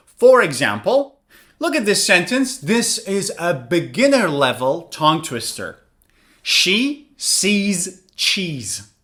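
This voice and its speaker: Lively high-voiced male English teacher. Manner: clear, deliberate, demonstrates words slowly. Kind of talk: online lesson explanation.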